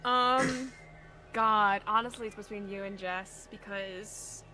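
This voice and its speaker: A woman's voice: medium pitch, fairly even intonation, slow pace, sharp tone, faint music behind. A woman who plays in a tabletop game, chatting after the session, giggling and exclaiming as she talks. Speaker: player. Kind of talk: casual post-session chat.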